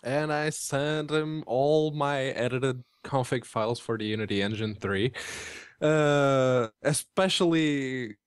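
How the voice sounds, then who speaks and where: A man's voice: mid-range voice, slow, clean tone, dry recording, studio quality. A man co-hosting a gaming podcast, explaining technical points bluntly with swearing. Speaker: podcast co-host. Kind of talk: casual banter podcast.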